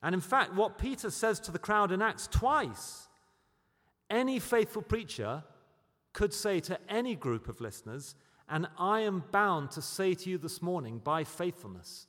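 A man preaching a sermon, moving between loud, emphatic declarations and quiet, storytelling asides. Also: high voice, expressive, measured pace. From Britain. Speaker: pastor. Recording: long hall reverb.

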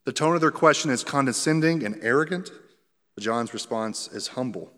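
A man preaches, walking through scripture verse by verse in an easy, conversational way, with flashes of humor. His voice sits at an ordinary pitch. It rings out with the long reverb of a large hall. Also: moderate pace, fairly bright tone. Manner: conversational, explains scripture line by line with light humor. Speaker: pastor. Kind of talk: expository sermon.

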